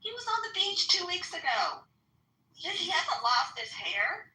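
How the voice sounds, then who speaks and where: Sarcastic lady ranting on a podcast, high bright voice, sounds kinda far off in an echoey room. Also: sing-song, a little slow. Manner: blunt, sarcastic, swears freely. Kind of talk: casual political chat. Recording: roomy echo, off-mic.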